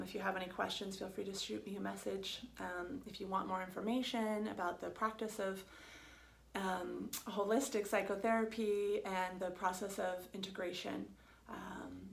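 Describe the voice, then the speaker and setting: A middle-aged woman psychotherapist, talking to viewers in a gentle, reflective way, soft, slow and soothing, with many pauses. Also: medium pitch, vocal fry, slight background noise. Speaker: holistic psychotherapist.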